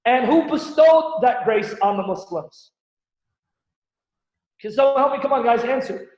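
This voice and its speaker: A Christian apologist with a strikingly high voice hosts a live Bible-Quran debate teaching stream, speaking a little slowly. Animated, he presses his audience for answers with one rhetorical question after another, while dull lo-fi audio carries a roomy echo around him.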